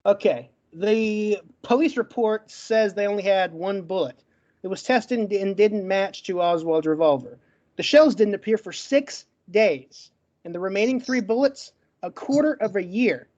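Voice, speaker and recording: A man giving a debate closing argument in a rapid, list-like way, with a stutter that makes him get stuck on words. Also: high-pitched, a little mellow, dull audio. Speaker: debate participant.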